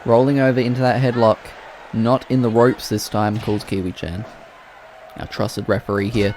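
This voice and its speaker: A man giving play-by-play commentary on wrestling matches, excitable and breaking into loud exclamations. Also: on the low side, slight background noise.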